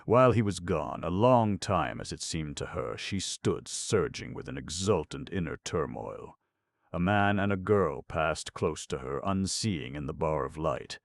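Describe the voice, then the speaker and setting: A man narrates an audiobook in a measured, expressive reading. His voice is very deep with a gravelly edge. The sound is dry and close, with no room around it. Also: dry recording. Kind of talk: scripted narration.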